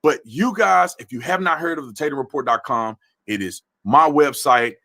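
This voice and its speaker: A man's voice: medium pitch, moderate pace, bright, forceful tone. A man hosting a political commentary livestream who talks animatedly and often restarts his phrases. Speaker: livestream host.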